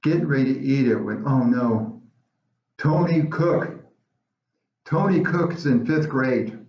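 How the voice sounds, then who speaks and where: A man telling a personal story in an animated way, with dramatic pauses. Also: medium pitch. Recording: roomy, dull lo-fi recording.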